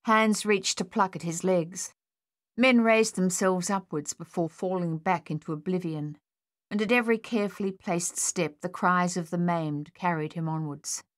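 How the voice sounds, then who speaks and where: Woman narrator with a lowish voice for an audiobook, measured and even, dry booth sound. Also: no echo.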